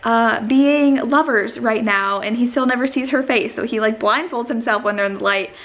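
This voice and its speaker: A woman's voice: a little high, normal speed, a bit bright. A young woman chatting casually in a book vlog, gushing and rambling with many fillers. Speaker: book vlogger.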